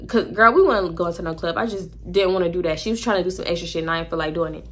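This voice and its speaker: A young woman telling an animated, candid storytime vlog, slangy and profane. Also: fairly low pitch, fast. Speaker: vlogger.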